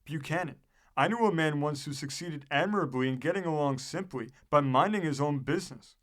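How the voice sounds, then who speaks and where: A man's voice: fairly high pitch, a little fast, fairly bright tone, lightly acted. A man reading as a blunt, fiery old general. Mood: emphatic.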